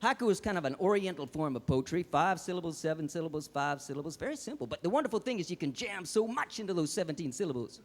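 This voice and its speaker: On a live stage, a comedian plays a hip beatnik poet in a fez, rattling off jive hipster patter and theatrical verse. His voice runs on the high side with lively intonation, fast and with hardly any pauses. Reverb, music, and audience sounds fill the recording.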